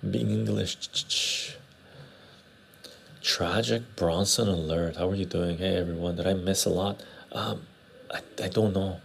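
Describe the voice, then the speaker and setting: A man's voice: deep voice, fairly even intonation, normal speed, gravelly, a little hiss or hum. A man from Western Canada hosting a casual livestream, rambling and answering viewer comments in a conversational way. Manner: rambling, conversational, often tags "right?". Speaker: livestream host. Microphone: lapel mic.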